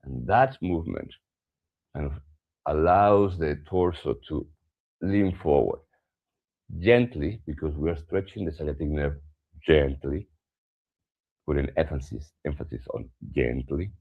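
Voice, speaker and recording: A very deep-voiced man leads a morning stretching class. His cues are calm and instructive, and his voice sinks soft and low when he stresses a word. Now and then he stops on fillers while he explains a point. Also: normal speed, vocal fry, husky, muffled recording. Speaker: yoga and somatic practice teacher.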